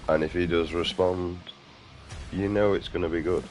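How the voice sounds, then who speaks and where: Deep rough bloke rambling on his vlog, crude and outspoken, bit of music under it. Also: steady tone, moderate pace, darkish tone. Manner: crude, outspoken, mumbling asides. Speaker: vlogger. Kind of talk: rambling casual monologue.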